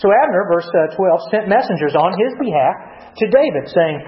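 A man's voice: high-pitched, lively intonation, moderate pace, hardly any pauses, reverberant, highs cut off. A man teaching a Bible study, reading scripture aloud and questioning his class in a conversational way.

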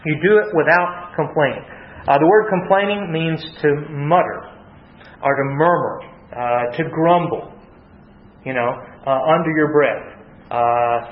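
A man preaching a sermon, stumbling and repeating words as he talks, and slowing down to read scripture. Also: on the high side. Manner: halting, repeats words, reads scripture slowly. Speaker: pastor. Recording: roomy, dull lo-fi sound.

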